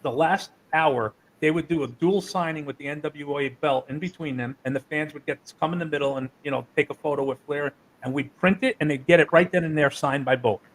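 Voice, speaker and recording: A man who runs wrestling shows, from New Jersey, telling animated, profane stories in a casual interview. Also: a little high, a little fast, few pauses, a little hiss or hum, poor audio. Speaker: wrestling promoter.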